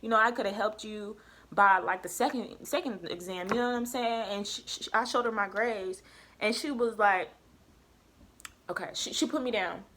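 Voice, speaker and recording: Woman, casual storytelling chat, lively quoted dialogue, middle pitch. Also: moderate pace, a little hiss or hum. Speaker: vlogger.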